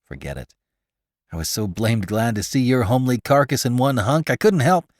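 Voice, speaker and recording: A man's voice: medium pitch, normal speed, no room sound, studio quality, natural voice. Click Hathaway, a man doing a jittery photographer. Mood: excited. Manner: jittery and excitable. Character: small, nervous male space photographer.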